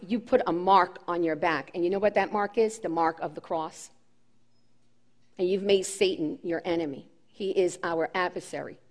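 A woman preaching a sermon with impassioned emphasis, repeating key phrases as her voice rises and falls. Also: mid-range voice.

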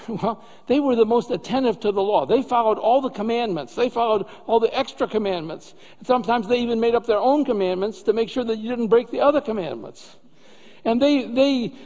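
High-voiced man preaching in a reverberant hall. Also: a little mellow. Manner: conversational preaching with rhetorical questions. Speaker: pastor. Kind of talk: sermon.

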